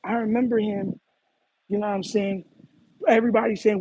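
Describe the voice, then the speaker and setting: A young man chatting on a live stream, animated and repetitive, calling people "bro" as he talks to his chat while running errands. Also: high voice, brisk, breathy edge, dry recording, rough recording. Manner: animated, repeats himself, says "bro" a lot.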